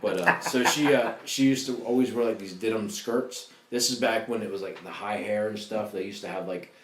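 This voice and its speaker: Profane storytelling man in an echoey room. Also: a little fast. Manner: profane, rambling, slangy, bursts into high excited voices for quotes. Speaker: podcast host. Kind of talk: casual comedic storytelling. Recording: roomy echo.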